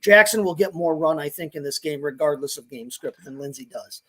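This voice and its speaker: A man's voice: a little high, brisk, pushed and bright. A man co-hosting a fantasy football show, chatting casually and rambling through restarts and hedges. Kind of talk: casual sports chat.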